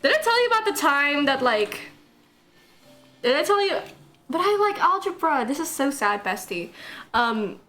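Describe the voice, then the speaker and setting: A woman's voice: high voice, big pitch swings, normal speed, pauses often, pushed and bright, soft background music. A young woman streaming live, chatting casually and rambling while she draws, answering chat and laughing often. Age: young adult.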